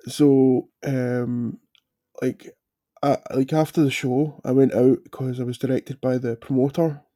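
Man, very mellow tone, monotone, hesitant with fillers, dry close sound. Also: mid-range voice, no room sound. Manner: hesitant, halting, lots of fillers. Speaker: podcast guest, wrestler. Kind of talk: casual podcast chat.

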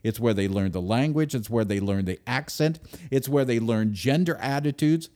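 A man giving a speech to an audience, emphatic, with sudden loud stresses and drops to a near-whisper. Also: mid-range voice, moderate pace. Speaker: speaker.

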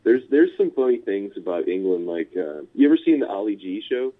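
Speaking with a sing-song lilt, a punk musician with a fairly low voice and a Californian American accent meanders through a casual interview, leaning heavily on "like" and "you know" and chuckling quickly. The sound comes through tinny, as over a phone.

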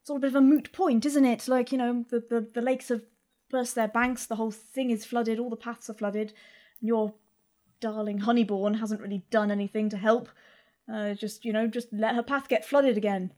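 A woman's voice: on the high side, fairly even intonation, darkish tone, close to an everyday voice. A woman playing a pompous spirit dignitary. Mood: dismissive. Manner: condescending, halting. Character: pompous self-important male spirit dignitary.

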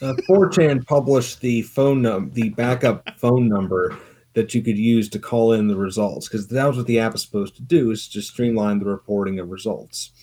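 A man on a podcast panel who explains things in casual chat and restarts his sentences as he goes. His voice is low and mellow, with a warm, relaxed tone. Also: normal speed, breathy edge.

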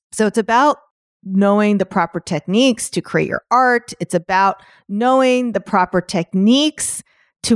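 A woman's voice: medium pitch, dry recording, clean studio sound. A middle-aged woman hosting a podcast, talking conversationally, laughing often and drifting into digressions. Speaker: podcast host. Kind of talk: podcast monologue.

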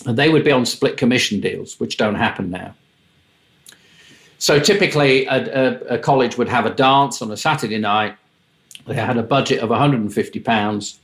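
An older man, a music manager, telling wry, lively anecdotes in an interview and acting out the voices in his stories. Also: medium pitch, normal speed. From England. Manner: wry, lively raconteur, mimics voices in quotes.

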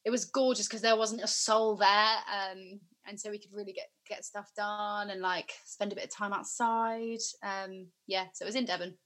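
Bright, chatty young woman. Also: medium pitch, level tone, moderate pace, hardly any pauses. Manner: chatty, rambling, many fillers. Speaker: guest musician and actor. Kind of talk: casual interview chat.

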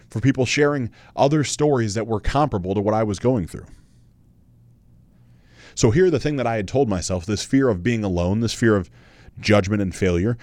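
In this monologue, a man in his thirties hosts his podcast and tells a personal story in a fairly low, a little mellow voice. He's candid and earnest, swears casually, and repeats phrases for emphasis. There's no room sound, just a dry, close recording.

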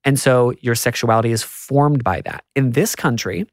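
A man's voice: mid-range voice, normal speed, dry recording, studio quality. A man hosting a podcast, talking in a chatty, reflective way and laughing easily. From America. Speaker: podcast host. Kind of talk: casual conversation.

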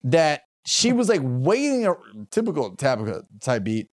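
A man's voice: a little high, wildly swooping pitch, normal speed. A young man co-hosting a podcast, telling crude stories with a wry, jokey manner. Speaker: podcast co-host and comedian. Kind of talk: casual chat, storytelling.

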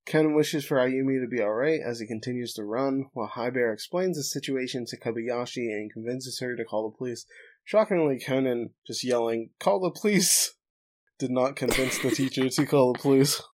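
Podcast host, male, mid-pitched, summarizes the plot with a laugh now and then. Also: fairly quick, darkish tone. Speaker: podcast host recapping an anime episode. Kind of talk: casual recap chat.

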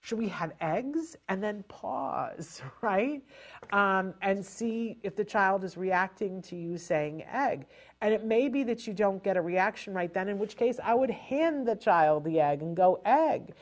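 A woman giving parents casual spoken advice in a lively, chatty way, often restarting her sentences. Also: medium pitch, unhurried. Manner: animated and chatty, with frequent restarts. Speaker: advisor to parents on child language delay.

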